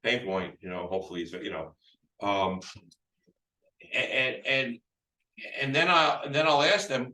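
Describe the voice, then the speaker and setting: A real estate sales trainer teaches agents phone scripts in a live training session, rambling with many restarts and acting out both sides, including the seller's dialogue. His mid-range voice is pushed and bright, at normal speed with frequent pauses. The room is echoey, with the mic at a distance.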